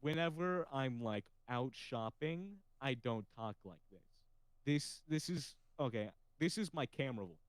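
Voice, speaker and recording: A man's voice: medium pitch, expressive, a little slow, clean tone, no room sound, low-quality recording. A man hosting a casual podcast chat, with a slightly nasal voice, who talks freely, swears casually and laughs often. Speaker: podcast host.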